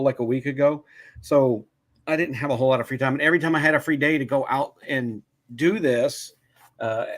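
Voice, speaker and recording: Halting indie author chatting on podcast. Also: male voice, on the high side, fairly bright tone. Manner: halting, lots of fillers and restarts. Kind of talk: casual chat.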